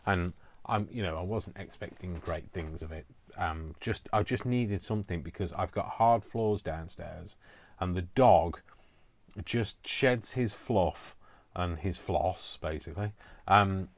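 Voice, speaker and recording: Man, middle-aged, deep voice, rambling, self-mocking, casual vlog chat. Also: unhurried. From England. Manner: rambling, self-mocking, chatty, many fillers. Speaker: crafting vlogger.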